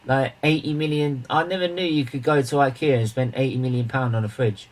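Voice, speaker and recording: A man's voice: mid-range voice, fairly even intonation, a little fast, poor audio. A man hosting a charity live stream, chatting casually with viewers, rambling and restarting his sentences as he greets people and banters.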